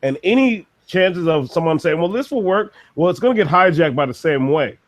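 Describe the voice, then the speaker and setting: A man's voice: fairly high pitch, lively intonation, a little fast. A man ranting bluntly and profanely in a casual podcast chat.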